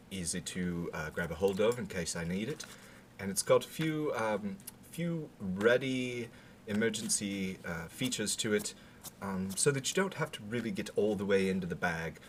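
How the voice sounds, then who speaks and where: Low-voiced man in a put-on British accent. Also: a little hiss or hum. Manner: halting, filler-heavy rambling with dry asides. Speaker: gear demonstrator. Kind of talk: casual gear walkthrough.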